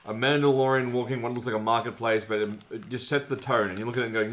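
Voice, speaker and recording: A man's voice: mid-range voice, steady tone, quick pace, fairly bright tone. A man co-hosting a casual podcast chat, rambling with many restarts and repeated words. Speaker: podcast co-host.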